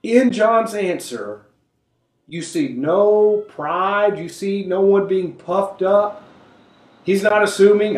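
A man leading a conversational Bible study, animated and acting out the voices he quotes. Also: sits high, takes it slowly, reverberant, distant mic. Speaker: Bible teacher.

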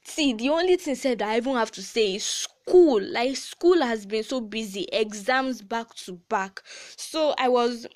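A woman's voice: a little high, unhurried, darkish tone. A teenage girl with a Nigerian accent hosting a casual chat podcast, talking in a chatty, heartfelt way with many "like" fillers. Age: teens. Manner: chatty and emotional, frequent "like" fillers and laughs. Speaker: podcast host.

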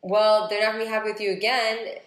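A woman's voice: medium pitch, flat delivery, fast talker. A woman in casual chat, listening and responding with short, surprised questions. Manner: reacts with short surprised remarks. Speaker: interviewer listening. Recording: roomy echo.

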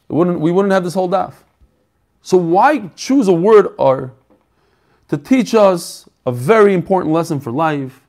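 Talmud teacher, male, slightly high voice, conversational, talks himself through questions and repeats phrases. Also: a little mellow. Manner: mixes Yiddish-flavored terms into English. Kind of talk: daf shiur, teaching aloud.

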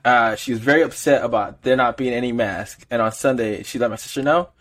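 A young man with a mid-range, fairly bright voice speaks a little fast as a podcast co-host. In casual chat he rambles through a work story, packing it with fillers and laughing often.

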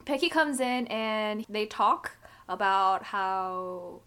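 Casual woman co-host, mid pitch, rambling and giggly. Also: lively intonation, slow, fairly bright tone, smooth. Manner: chatty, lots of "like", laughs often. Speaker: podcast co-host recapping a drama. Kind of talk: casual chat.

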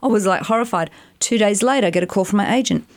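A middle-aged woman, an actress and voiceover artist, telling animated stories in a casual interview, with rambling asides. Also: mid-range voice, fast, no echo. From Australia. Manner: animated, chatty, rambling anecdotes with many asides.

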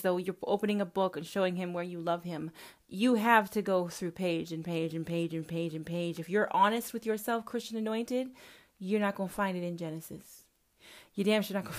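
A mid-range female voice, a little fast, delivers a profane, confrontational podcast monologue. The host swears constantly and addresses the listener head-on.

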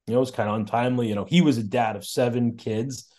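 Here the Connecticut auto shop owner, a middle-aged podcast guest, talks quickly with fairly even intonation and a medium-pitched, somewhat dark tone. It's a casual storytelling interview, and he chats along, repeating words and chuckling frequently.

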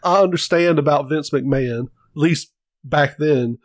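Male podcast co-host, raised pitch, dry booth sound, animated swearing storyteller. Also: measured pace, no room sound. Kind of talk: casual chat.

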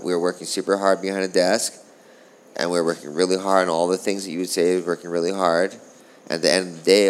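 A middle-aged man, a former pro surfer, telling stories in a casual interview, animated and profane, rambling along. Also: sits low, smooth.

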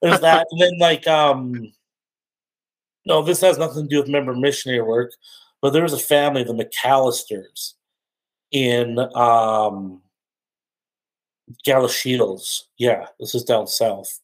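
A podcast guest telling stories in a casual, animated, slangy way, often laughing. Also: male voice, medium pitch, measured pace, long pauses, poor audio. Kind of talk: casual storytelling.

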